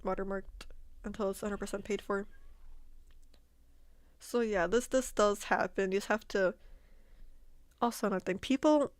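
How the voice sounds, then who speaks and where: A woman streamer and artist telling a story to her chat in a casual, animated way, laughing often and repeating words. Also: medium pitch, normal speed, long pauses, no echo. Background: faint background music.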